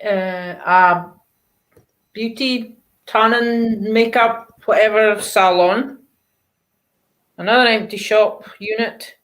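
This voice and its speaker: A woman's voice: medium pitch, fairly even intonation, slow pace, long pauses, fairly bright tone, poor audio. A woman on a colouring video call, giving dry, short replies. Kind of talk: casual chat on a video call.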